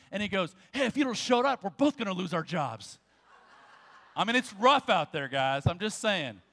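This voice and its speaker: A man preaching a sermon as pastor, telling jokes and stories with quick asides. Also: high-pitched, creaky, a bit bright. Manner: jokey storytelling with quick asides. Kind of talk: sermon with humor. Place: church sanctuary. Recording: long church hall reverb.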